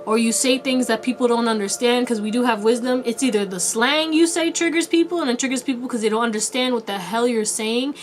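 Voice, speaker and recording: A woman's voice: on the high side, slight background noise. A woman giving a casual tarot reading to her viewers, playful and chatty with a lot of slang and frequent laughter. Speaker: tarot reader.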